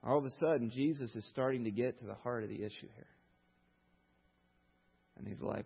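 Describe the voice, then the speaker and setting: Husky-voiced preacher telling a story. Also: male voice, medium pitch, a little fast, long pauses, muffled recording. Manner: storytelling, animated retelling with rhetorical questions. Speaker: pastor. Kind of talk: sermon.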